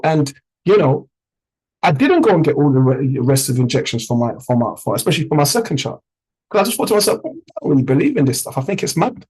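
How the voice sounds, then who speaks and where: A man's voice: fairly high pitch, a little mellow, breathy edge, rough recording. A man with a British accent, a trading mentor giving an emphatic, conversational motivational talk to a group, often checking in with "yeah?". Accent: British English.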